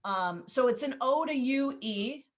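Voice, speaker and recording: A woman teaching a Spanish class over a video call, explaining grammar rules patiently step by step and gently calling on students. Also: sits high, lively intonation, a little slow. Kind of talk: online class instruction.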